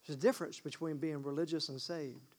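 A man with a high voice and a drawl delivers a sermon. He is emphatic and keeps turning to the congregation with questions. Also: fairly even intonation, brisk, a little mellow. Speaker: pastor.

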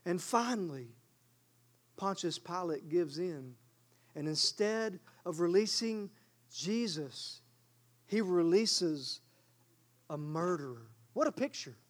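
A man preaching a sermon, reading scripture aloud with dramatic swings from loud declaiming to quiet asides. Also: sits high, lively intonation, slow, pauses often. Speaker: pastor.

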